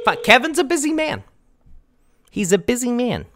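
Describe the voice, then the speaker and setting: A man's voice: very high-pitched, big pitch swings, moderate pace, background noise. A man streaming himself prank-calling and leaving voicemails, reading a script with theatrical, mock-dramatic flair and sudden exaggerated outbursts. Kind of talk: comedic voicemail rant.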